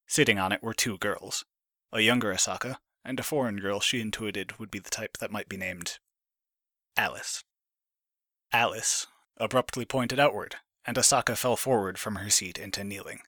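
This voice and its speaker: A man reading a story aloud as narration, steady and measured, picking up speed at tense moments. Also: lowish voice, no echo, clean studio sound. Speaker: fan fiction reader. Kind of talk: scripted narration.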